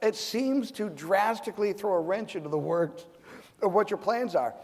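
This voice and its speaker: A man in his forties speaks as a decorated veteran on a forum panel, firing off rhetorical questions with bursts of intensity. His voice sits notably high for a man. It rings with the long reverb of a large event hall. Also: lively intonation, moderate pace, a little mellow. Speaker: Medal of Honor recipient panelist. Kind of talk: impassioned forum speech.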